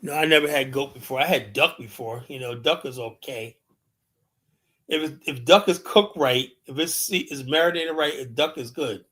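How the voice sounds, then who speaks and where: A man's voice: mid-range voice, moderate pace, sharp tone, husky. A man hosting a live stream, rambling in casual chat and telling stories full of fillers. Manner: rambling, storytelling, lots of fillers like "and whatnot". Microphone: streaming mic.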